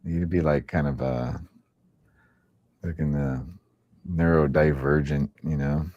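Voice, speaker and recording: A man's voice: rumbling low, steady tone, unhurried, dull audio. A young man hosting a casual podcast chat, laid-back, swearing casually and trailing off mid-sentence. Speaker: podcast host.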